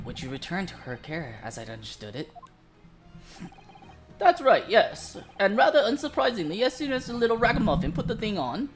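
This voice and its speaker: A woman voicing a fussy, fawning male pawnbroker with an obsequious manner. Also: a little high.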